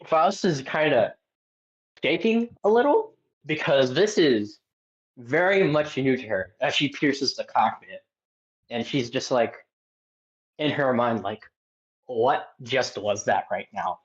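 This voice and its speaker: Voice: medium pitch, expressive, takes it slowly, long pauses. A player narrating their character's actions in a tabletop game, rambling with many likes and restarts. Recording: slightly muffled audio.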